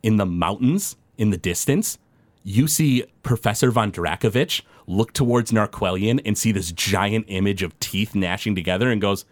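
A man's voice: fairly low pitch, normal speed, no echo. A man narrating a tabletop game as game master, describing scenes loosely with many fillers.

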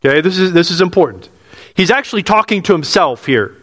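A man's voice: high-pitched, sing-song, brisk, a bit bright. A pastor preaching a sermon in earnest, repeating his phrases and asking the congregation questions. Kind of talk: expository sermon. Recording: long hall reverb.

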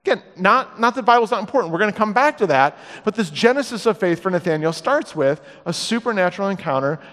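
A middle-aged man preaching a sermon in a church, telling stories in a comic, animated way and acting out the voices. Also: high-pitched, quick pace, in a large hall. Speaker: guest preacher. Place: church sanctuary.

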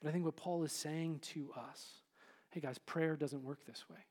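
A man preaching a sermon to a congregation in a relaxed, conversational way, full of fillers. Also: a little high, normal speed. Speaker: pastor. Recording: hall reverb.

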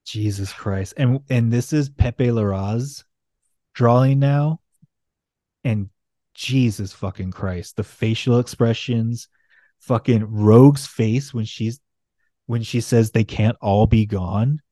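A man co-hosting a podcast, chatting casually and excitedly, swearing often and reading passages aloud. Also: mid-range voice, takes it slowly, dry recording, clean studio sound. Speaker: podcast co-host. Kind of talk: casual chat.

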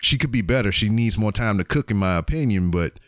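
Relaxed low-voiced man in loose chat. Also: fairly quick, no room sound, clean studio sound. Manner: loose and profane, trailing fillers. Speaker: podcast co-host. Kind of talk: casual chat.

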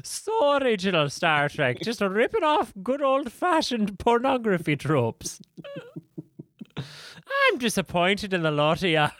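A man's voice: high-pitched, very animated, slow pace, a bit bright, no echo, studio quality. A man co-hosting a podcast, talking casually with crude, sarcastic jokes and laughing at his own lines. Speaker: podcast co-host.

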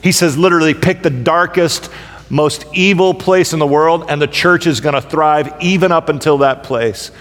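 A man's voice: on the high side, moderate pace, fairly bright tone, long reverb tail. A middle-aged man preaching a sermon, conversational and humorous, telling stories and acting out voices. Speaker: pastor. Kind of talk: sermon with storytelling. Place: large church hall.

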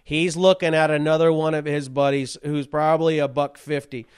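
Man, high voice, podcast host, profane, ranting, comic storytelling. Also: little pitch movement, normal speed, smooth. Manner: profane, ranting, with shouted outbursts. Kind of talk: comedic rant and storytelling.

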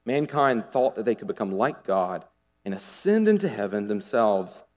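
A man preaching a sermon in a lively, conversational way, asking the congregation questions as he goes. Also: lowish voice, moderate pace. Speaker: pastor. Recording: long hall reverb.

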